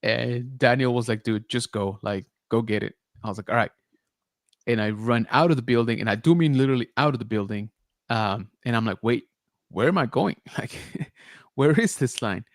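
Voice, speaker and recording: A man's voice: mid-range voice, no echo. Chatty man telling a story, dry sound. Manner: animated retelling, many filler likes and rights. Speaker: podcast host. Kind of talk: casual storytelling chat.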